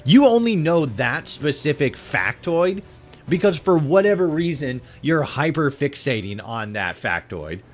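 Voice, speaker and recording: A man's voice: fairly high pitch, very animated, a little slow, soft background music. A young man chatting casually on a live stream while gaming, rambling and swearing heavily with many restarts. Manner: rambling, profane, full of restarts and laughs.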